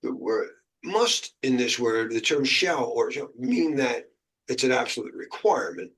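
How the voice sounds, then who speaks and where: Teaching cybersecurity exam prep, an American man from the United States keeps things chatty and joking, his speech full of uh and um. He talks a little slowly in an expressive, mid-range, slightly bright voice.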